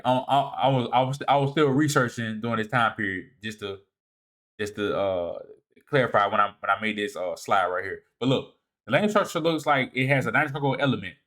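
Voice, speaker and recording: A man talks his audience through a set of slides, stopping and restarting his phrases as he goes. He keeps asking "all right?" and "you see what I'm saying?", rising sharply on key points and dropping to quiet mutters in between. His voice sits at an ordinary middle pitch. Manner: repeats and restarts words, asks "all right?" often; swings from emphatic rises to low muttering asides. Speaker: presenter of a video series. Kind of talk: lecture walking through slides.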